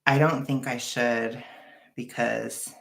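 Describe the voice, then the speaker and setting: A Californian woman vents to her livestream audience in a frank, meandering chat, trailing off between thoughts. Her voice has a gravelly fry and an unhurried pace. The sound carries a noticeable room echo. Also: very deep voice, fairly even intonation. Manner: rambling, sighing and laughing, frank and frustrated. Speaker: vlogger chatting with a live audience.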